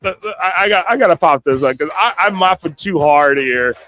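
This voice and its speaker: An excitable male host of a live sports talk stream, with a slightly higher voice for a man. He stammers and repeats words, laughs often and chats back to his viewers. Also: a little fast.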